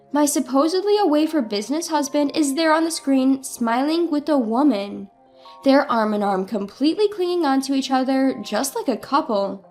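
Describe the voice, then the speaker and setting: A woman's voice: high voice, expressive, moderate pace, a little mellow, soft background music. A woman telling a first-person story in earnest, dramatic scripted narration.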